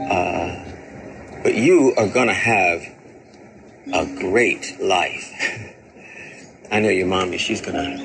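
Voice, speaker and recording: An actor playing a father saying a halting, tender goodbye to his young son in a TV drama scene. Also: low-pitched, vocal fry, noisy background, exaggerated voice. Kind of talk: TV drama acting. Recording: TV clip with music score behind.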